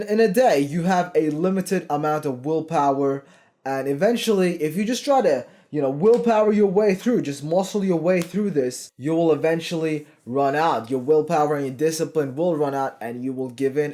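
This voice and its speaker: A man's voice: on the high side, warm tone. A young man, a fitness coach, giving a blunt, profane motivational talk that turns into rants. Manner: blunt, swearing, ranting.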